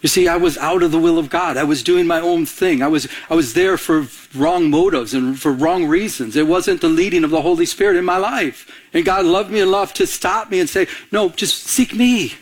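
High-voiced man preaching an animated sermon. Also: fairly quick, hardly any pauses. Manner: animated, repeats words when restarting. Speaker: pastor. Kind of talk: sermon with personal storytelling.

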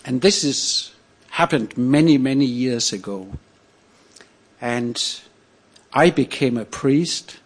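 An older man from Denmark, telling a personal story on stage in a measured, reflective way with pauses. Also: mid-range voice, slightly rough. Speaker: storyteller, priest.

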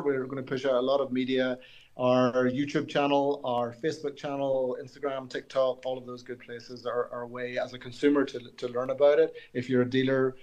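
A man's voice: medium pitch, a little mellow, highs cut off. A man, a company executive, answering radio interview questions earnestly with frequent restarts. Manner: hesitant restarts, earnest explaining.

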